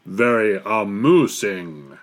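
Guy doing a big grumpy bear in a kids story, slow booming bluster. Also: animated. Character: loud grumpy male bear shouting.

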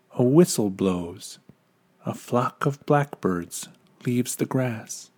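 A man reading a bedtime story aloud, calm, gentle and soothing. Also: mid-range voice.

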